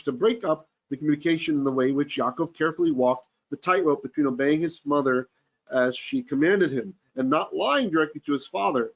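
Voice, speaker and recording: A man teaching a verse-by-verse Torah class, reading Hebrew aloud and then explaining it eagerly, often checking in with his listeners. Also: on the high side.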